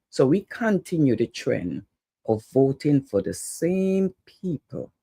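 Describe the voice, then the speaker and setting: A woman's voice: very deep voice, mellow, husky, dry recording. A woman hosting an online talk show, giving an urgent, preachy monologue to her viewers and calling out some of them by name. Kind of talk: impassioned political monologue to viewers.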